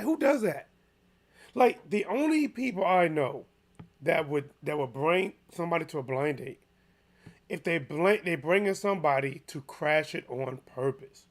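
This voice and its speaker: A man hosting a casual solo sports commentary, chatty and animated with lots of restarts, his voice a little hoarse. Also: high voice. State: slightly hoarse.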